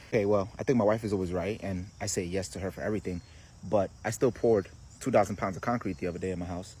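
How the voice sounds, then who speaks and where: A married man responds to a viewer comment with sarcasm and animated delivery. His voice sits low for a man. Faint crickets and outdoor ambience can be heard behind him. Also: quick pace, a little hiss or hum. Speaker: married vlogger.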